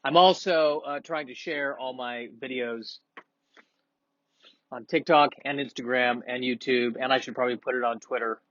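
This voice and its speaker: A man's voice: mid-range voice, steady tone, normal speed, fairly bright tone, no echo, dull audio. A man doing a casual, rambling, self-deprecating monologue, with sniffles and frequent restarts. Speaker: comedian vlogger.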